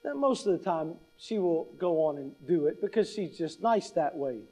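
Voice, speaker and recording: A man's voice: a little high, lively intonation, moderate pace, mellow, slightly rough, faint music behind, low-quality recording. A male pastor preaching conversationally, posing questions to the congregation and telling humorous everyday stories. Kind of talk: sermon.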